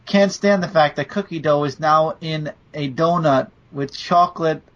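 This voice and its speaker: A man's voice: on the high side, moderate pace, fairly bright tone, lo-fi sound. A man from New York co-hosting a casual podcast, teasing his co-host with playful banter. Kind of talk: casual chat.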